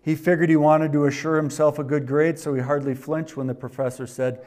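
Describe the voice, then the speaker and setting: A middle-aged preacher with a slightly high male voice. He delivers a sermon in which he reads a story aloud. His volume swings between emphatic, louder lines and quiet, low asides. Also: level tone, fairly quick, hardly any pauses. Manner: varies loudness a lot, rising for scripture and dropping for asides. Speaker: pastor.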